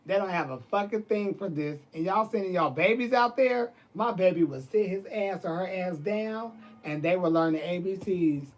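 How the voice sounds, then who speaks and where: A man with a high voice rants to camera in a sassy, emphatic way. He swears freely and talks with loud, punchy conviction. His delivery is casual and unscripted. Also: moderate pace, few pauses, soft background music. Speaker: vlogger. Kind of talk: casual ranting monologue.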